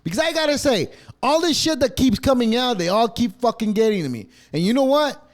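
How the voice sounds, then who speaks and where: A man's voice: extremely high pitch, lively intonation, fairly quick. A man hosting a podcast, delivering a rambling, sarcastic rant full of swearing. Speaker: podcast host. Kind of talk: profane ranting monologue.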